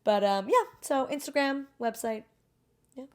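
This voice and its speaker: Woman, interview guest, animated, self-deprecating, mimics other people's voices. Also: high-pitched, a little slow. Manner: animated, acts out quoted dialogue in shifting voices. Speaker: guest, beverage brand founder. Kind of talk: casual interview conversation.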